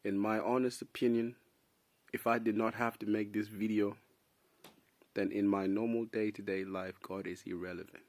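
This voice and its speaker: A man's voice: lowish voice, level tone, moderate pace, darkish tone. A young man from South Sudan talking casually and at length to camera, rambling and calling listeners "bro". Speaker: vlogger. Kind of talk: unscripted opinion monologue.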